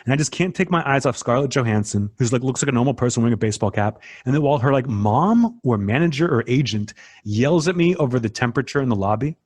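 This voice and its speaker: Podcast guest, male comedian in his forties, average pitch, loose conversational storyteller. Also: expressive, fast, hardly any pauses, a little mellow. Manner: loose storytelling with frequent swearing and fillers. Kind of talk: casual podcast chat.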